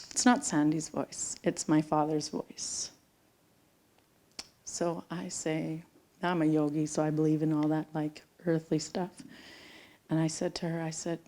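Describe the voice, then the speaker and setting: A middle-aged woman with a slightly low voice tells a personal story live on a theater stage. She speaks intimately and sometimes drops to a near-whisper. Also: fairly even intonation, a little slow, warm tone. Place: theater stage before an audience.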